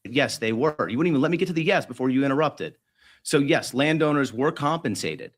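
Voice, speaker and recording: A man's voice: medium pitch, lively intonation, brisk. Defensive, irritated debater man. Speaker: debater in a played clip. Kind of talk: heated debate.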